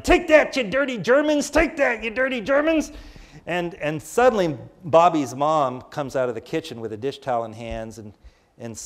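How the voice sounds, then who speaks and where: A man's voice: medium pitch, clean tone. Older man giving a rambling talk. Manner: chatty, rambling, frequent restarts. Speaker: public speaker. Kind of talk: conversational lecture with personal anecdotes.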